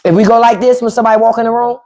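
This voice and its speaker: A woman hosting a livestream with casual comedic commentary in African American English, profane and animated, often acting out other people's voices. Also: a little high, racing. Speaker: podcast host. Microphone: phone or desk mic on a livestream.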